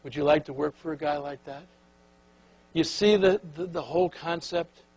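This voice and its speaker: A man's voice: a little high, moderate pace, darkish tone, dry recording, low-quality recording. A man giving a speech and telling a folksy anecdote, with questions tossed to the audience. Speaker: keynote speaker. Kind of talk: storytelling speech.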